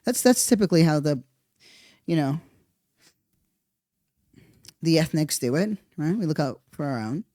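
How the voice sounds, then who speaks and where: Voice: medium pitch, animated, unhurried, long pauses, warm tone, no room sound, studio quality. A podcast host giving a casual monologue, rambling and profane, thinking aloud and tagging points with "right?".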